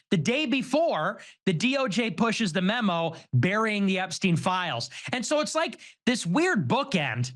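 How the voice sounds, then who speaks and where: A man hosts an online talk show in a casual commentary style. His voice sits high and moves around a lot in pitch. He reasons aloud with animated energy. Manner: animated, quick-reasoning delivery. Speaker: show host.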